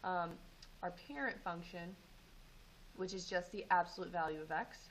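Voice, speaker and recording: A woman teaching math, going over homework and walking students through steps in a relaxed way with frequent ums. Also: fairly low pitch, normal speed, slight background noise, poor audio. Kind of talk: homework review and lesson.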